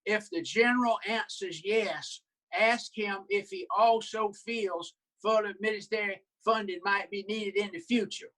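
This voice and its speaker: A man with a Southern US accent putting on an elderly, confused Southern senator with a slow old drawl. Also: sits high, pushed and bright, voice pushed up, rough recording. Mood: muddled.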